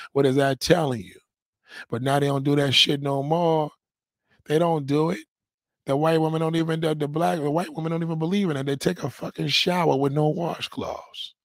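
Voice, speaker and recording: A man ranting loudly and profanely on a livestream from home, rambling and repeating himself as he reads viewer comments. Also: medium pitch, no echo. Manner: loud, profane, rambling and repetitive. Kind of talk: profane casual rant. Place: at home, in a towel on camera.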